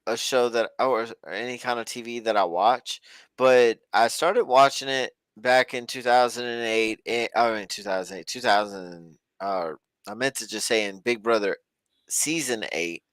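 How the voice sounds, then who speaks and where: A man with a smooth, resonant voice rambles along in a casual, folksy podcast chat. He sounds close and dry, with no room around him. His pitch sits in a middling range. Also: moderate pace, fairly bright tone, no echo. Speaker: podcast co-host. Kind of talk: casual chat about a reality show.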